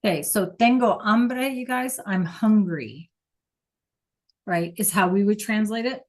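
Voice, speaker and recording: A woman's voice: a little high, moderate pace. A woman teaching an online Spanish class, explaining in a casual, chatty way with fillers and check-ins with her students.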